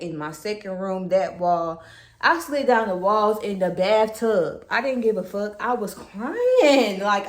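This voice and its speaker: A woman's voice: medium pitch, reverberant. A pregnant woman in casual storytime chat at home, retelling things dramatically with slang and swearing. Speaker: vlogger telling her own story. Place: her apartment.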